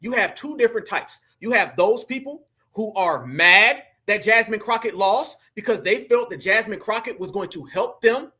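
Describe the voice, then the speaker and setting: High, bright-voiced mocking male streamer. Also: lively intonation, normal speed, hardly any pauses, slightly rough. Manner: mocking, slangy, talks to chat. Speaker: livestream political commentator. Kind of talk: live-stream commentary.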